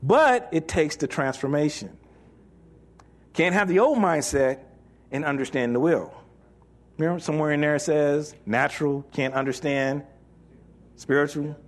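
A male pastor preaching a sermon in an animated, joking way, reading scripture and acting out the voices of doubters. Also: fairly high pitch, moderate pace, long pauses.

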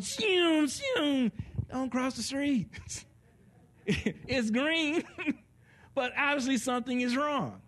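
A man preaching a teaching sermon in an animated way, with sound effects and laughter. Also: high-pitched.

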